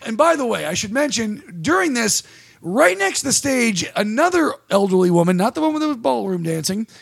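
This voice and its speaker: A man's voice: very high voice, very animated, a little fast, creaky, fairly bright tone, husky. A man hosting a podcast, telling a rambling, profane, self-deprecating story about a bad comedy gig in casual chat. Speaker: podcast host and stand-up comic.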